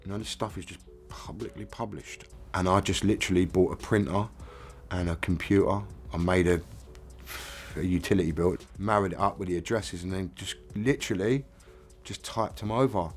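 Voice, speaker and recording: A man's voice: deep voice, normal speed, slight background noise. A middle-aged man with an English accent, frankly and casually telling his own life story. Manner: plain-spoken, casual, frank. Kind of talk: candid first-person storytelling.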